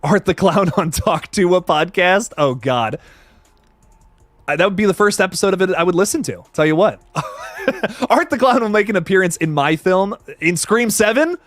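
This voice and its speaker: A young horror movie reviewer livestreams with excitable, profane energy, reading viewer comments aloud and reacting on the fly in casual chat. His slightly high voice swings widely in pitch at a moderate pace, and the recording is dry and close with no echo.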